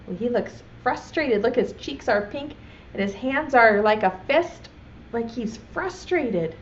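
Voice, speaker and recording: A woman preschool teacher reading a picture book and teaching, gently asking the children questions. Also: fairly high pitch, lively intonation, unhurried, highs cut off, slight background noise.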